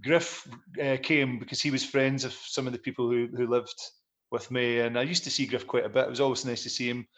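A middle-aged man telling stories in a casual interview, a musician looking back on his career. He rambles through his anecdotes in a self-deprecating way. His voice sits at an ordinary pitch for a man. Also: flat delivery, a little fast, a bit bright. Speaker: musician guest.

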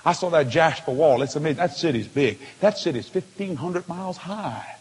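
A man preaching a testimony sermon, telling it with feeling and swinging from hushed tones to shouts. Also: a little high, lively intonation, normal speed, slight background noise. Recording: long hall reverb.

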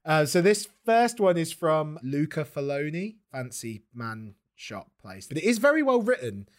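A man co-hosting a casual podcast, playful and quick to laugh, reading passages aloud in a mock-serious tone. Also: on the high side, sing-song. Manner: playful, reads quotes with mock gravity and laughs often. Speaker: podcast co-host.

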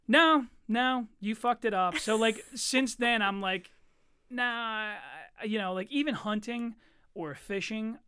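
A man's voice: high voice, smooth, no echo, studio quality. A young man hosting a casual podcast, telling stories animatedly and swearing freely. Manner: profane, animated storyteller. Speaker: podcast host. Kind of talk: casual chat. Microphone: studio microphone.

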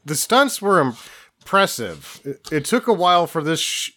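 A man's voice: a little high, very animated, unhurried, sharp tone. A man co-hosting a casual comedy podcast, giving wry, sarcastic comments on a film. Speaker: podcast co-host. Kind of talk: casual comedic movie discussion.

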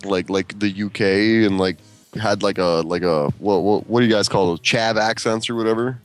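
A man's voice: lowish voice, normal speed, no echo, faint music behind. A man co-hosting a podcast in casual chat, rambling and swearing, with many "like" fillers. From Polish family. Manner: profane, rambling, full of "like" fillers. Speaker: podcast co-host.

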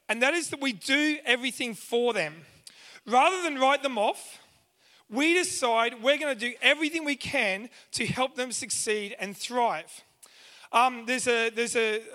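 A man with a very high, bright voice speaks to an audience as a teacher, lively and storytelling. His voice carries a long reverb, as if from a big hall. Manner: lively storytelling, acts out a student's voice. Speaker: high school teacher giving a talk.

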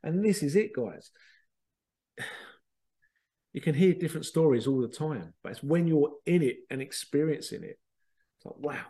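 Mellow-voiced man telling a rambling story. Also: on the high side, normal speed, long pauses, breathy edge. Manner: excitable, rambling, repeats himself, swears casually. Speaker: spiritual medium and podcast host. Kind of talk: casual storytelling monologue.

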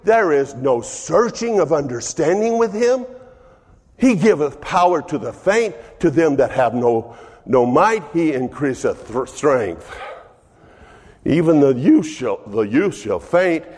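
A man's voice: on the high side, very animated, takes it slowly, darkish tone, slightly rough, big-room sound. A man preaching as a pastor, reading scripture and reflecting on it earnestly, in a preacherly manner with restarts. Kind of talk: sermon, Bible reading and reflection.

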